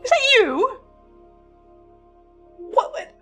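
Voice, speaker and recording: A woman voicing a flustered older male water genasi who keeps firing off startled questions in a high voice. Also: huge pitch swings, moderate pace, faint music behind, heavily acted.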